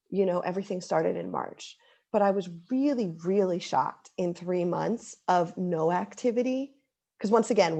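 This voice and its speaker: A woman in her thirties talks as a guest in a casual interview. She speaks earnestly, with plenty of likes and ums, and her voice carries a gravelly, creaky texture. Her pitch sits in a middle range for a woman. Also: darkish tone. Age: 30s.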